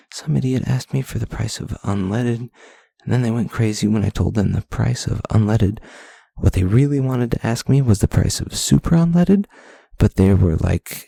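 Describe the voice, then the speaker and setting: A man's voice: lowish voice, gravelly, dark tone, slightly rough, dry recording. A young man hosting a solo podcast, ranting and rambling casually with self-deprecating asides. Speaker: podcast host.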